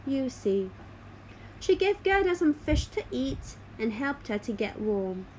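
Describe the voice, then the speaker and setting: A woman reads a graded-reader fairy tale aloud. Her voice is high and she speaks slowly and carefully. Each word comes out clear. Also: big pitch swings, slight background noise, low-quality recording. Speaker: narrator. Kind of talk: graded-reader story narration.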